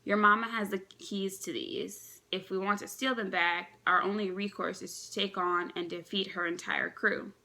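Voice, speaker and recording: A woman reading aloud as an apologetic young bride-to-be, quiet and secretive. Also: medium pitch, fairly even intonation, moderate pace, hardly any pauses.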